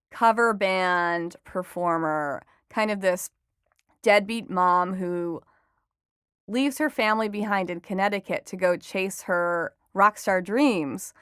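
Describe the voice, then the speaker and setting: A young adult woman talking on a podcast as a reporter guest, chatty and lively in her asides. Her voice is smooth and clear, at a medium pitch, and the recording is dry and close. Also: no room sound. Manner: chatty and enthusiastic, quick asides with laughter. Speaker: entertainment reporter and author guest. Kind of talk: podcast interview.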